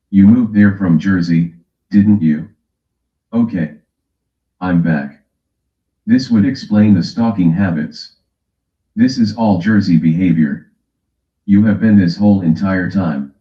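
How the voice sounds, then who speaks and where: A man's voice: low-pitched, measured pace, long pauses, echoey room, dull audio. A man hosting a livestream in casual chat, brash and teasing as he calls out people in his chat. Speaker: livestream host.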